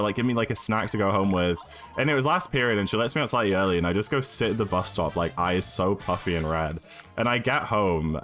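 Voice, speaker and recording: A young man with an English accent, chatting and storytelling casually as a streamer, rambling along with lots of fillers and tags like "right?". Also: sits low. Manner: animated, rambling, filler-heavy with frequent "right?".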